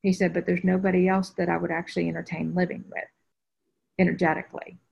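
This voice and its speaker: A woman's voice: fairly low pitch, quick pace, gravelly, breathy edge. A woman spiritual teacher telling a personal story on a group video call, acting out the voices she quotes. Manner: animated storyteller who acts out quoted voices. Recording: dull lo-fi video call audio.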